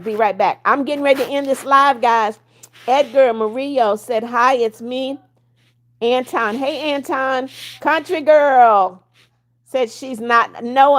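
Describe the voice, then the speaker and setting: A woman hosting a livestream, reading viewer comments aloud and answering them in a firm, blunt way. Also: a little high. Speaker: livestream host.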